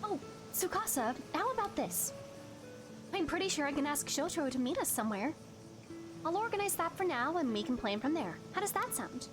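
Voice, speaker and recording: A woman voicing a cheerful, helpful young woman friend in a bright, sing-song way, with game music under the voice. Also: high-pitched, very animated, brisk. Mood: encouraging.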